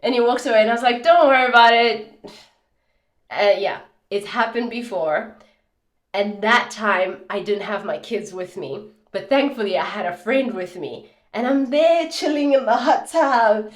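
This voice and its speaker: A woman in her thirties chatting casually at home as a beauty vlogger, telling stories in an animated, laughing, dramatic way. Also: medium pitch, normal speed. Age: 30s. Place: indoors at home. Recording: roomy echo.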